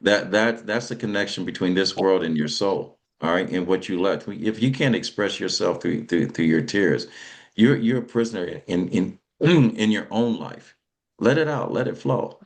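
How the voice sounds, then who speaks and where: A man with a deep, low voice hosts a motivational talk show. He speaks like a preacher and keeps asking his listeners "all right?". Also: animated, moderate pace. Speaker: host.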